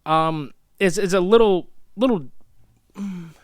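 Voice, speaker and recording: A man in his thirties with a high voice speaks slowly while co-hosting a podcast, recorded dry with clean studio sound. He reviews a film in casual, profane chat, getting excitable, swearing, and acting out its lines.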